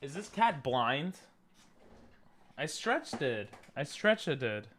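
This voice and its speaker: A young man streaming live, reacting to videos and teasing his chat in a goofy way, often sliding into a low mutter. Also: very animated, slow pace, long pauses, a bit bright, slight background noise.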